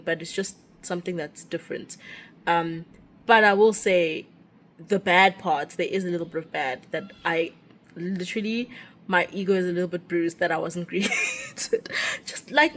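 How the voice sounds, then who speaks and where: A young woman with a South African accent, a teacher abroad, chatting and ranting casually while walking outdoors with a phone. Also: lowish voice. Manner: chatty ranting, animated and expressive. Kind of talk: casual walking vlog chat.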